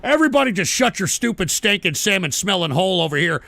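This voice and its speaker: High, gravelly man ranting on air. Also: big pitch swings, quick pace, few pauses, dry recording. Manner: profane, ranting at chat trolls, swings from shouting to muttering. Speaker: talk show host. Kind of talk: live-streamed political talk show.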